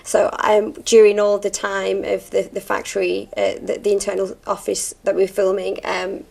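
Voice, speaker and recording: A woman actor, reflecting in a heartfelt, soft-spoken way during a farewell interview. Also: medium pitch, monotone, normal speed, vocal fry.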